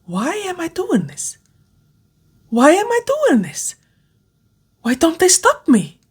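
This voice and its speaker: A woman voicing an unhinged young woman, chanting in a high taunting singsong from a storybook reading. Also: measured pace, a little mellow. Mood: frantic.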